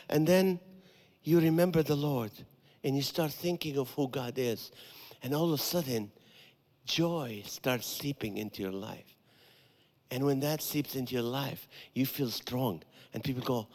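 A man's voice: on the high side, expressive, a little slow, big-room sound. A man, a comedian giving a guest sermon, talking animatedly, acting out people's thoughts and repeating phrases for emphasis. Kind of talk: sermon with comic asides.

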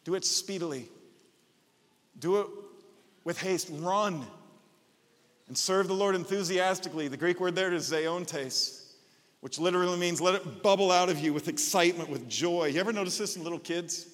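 A man preaching a sermon as pastor, enthusiastic and bursting into loud shouts. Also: high-pitched, normal speed, long pauses, in a large hall.

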